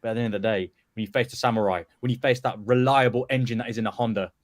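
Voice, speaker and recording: Guy roasting teams, quick brash banter, dry close sound. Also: mid-range voice, fairly even intonation, dry recording. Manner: brash, jokey, teasing banter. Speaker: football pundit. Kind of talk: casual chat.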